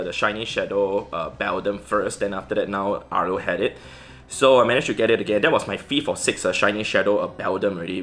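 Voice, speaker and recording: A man's voice: on the low side, sharp tone. A man vlogging casually about his game collection, rambling with many fillers and restarts. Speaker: Pokemon GO vlogger. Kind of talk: casual commentary over gameplay.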